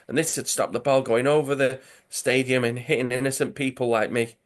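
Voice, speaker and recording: Give me a man doing a gruff big footballer in disguise, blunt and indignant. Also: mid-range voice, fairly even intonation, fairly quick, close to an everyday voice.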